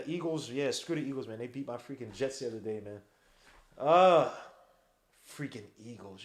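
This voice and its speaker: A man's voice: medium pitch, reverberant. A man hosting a live game watch-along stream, ranting in slangy, casual talk and calling listeners bro. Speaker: podcast host.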